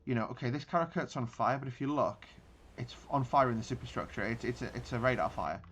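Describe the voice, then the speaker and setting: A man's voice: medium pitch, quick pace, fairly bright tone, a little hiss or hum. Man rambling over a war game. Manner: thinking aloud, rambling with frequent restarts. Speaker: gaming channel host. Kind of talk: casual gameplay commentary.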